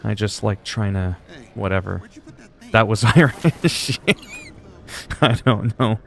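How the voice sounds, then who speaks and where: A man's voice: lowish voice, lively intonation, slow, vocal fry, a bit bright, a little hiss or hum. A man chatting casually on a game livestream, rambling and swearing freely. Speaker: game streamer.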